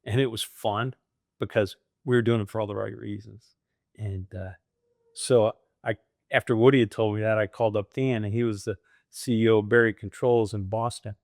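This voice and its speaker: Man, middle-aged, animated storytelling, acts out quotes, dry close mic. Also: lowish voice, normal speed, dry recording. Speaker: guest. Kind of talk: storytelling interview.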